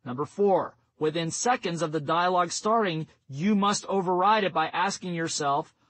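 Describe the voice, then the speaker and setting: A man narrating a nonfiction audiobook in a steady, instructive reading voice. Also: sits high, moderate pace, low-quality recording. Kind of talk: scripted narration.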